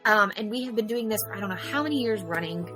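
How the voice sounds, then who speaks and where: A woman co-hosting a podcast in casual chat, telling stories in an animated way with lots of fillers. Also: mid-range voice, fast talker, soft background music. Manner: chatty, animated storytelling with many fillers. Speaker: podcast co-host.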